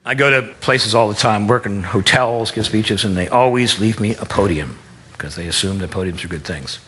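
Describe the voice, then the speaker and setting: A man coaching an audience on presenting, talking in a lively, conversational way and stressing words to make his points. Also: fairly low pitch, normal speed, husky, in a large hall. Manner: animated, conversational, demonstrates with emphasis. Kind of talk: live seminar talk.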